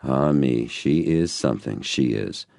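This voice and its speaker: A man's voice: very deep voice, unhurried, creaky, darkish tone, dry recording, studio quality, heavily acted. A man doing a jovial mentor husband. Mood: amused. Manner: amused, fond.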